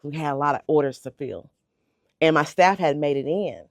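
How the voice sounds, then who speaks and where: At normal speed and in a low voice, a middle-aged bakery owner tells her story earnestly on a radio interview. She occasionally repeats words to gather herself, and the studio microphone captures her close and dry, with no echo in the room.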